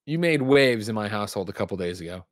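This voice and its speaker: A man hosts a podcast in casual chat, firing off rapid, blunt questions. His voice sounds dry, with no room around it. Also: lowish voice, animated, no room sound. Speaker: podcast host.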